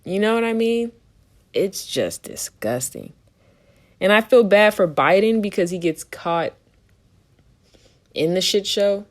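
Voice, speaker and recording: A woman's voice: medium pitch, animated, slow, pauses often. A woman co-hosting a podcast, talking candidly and with plenty of swearing, exasperated and laughing often. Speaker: podcast co-host. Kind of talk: casual opinion chat.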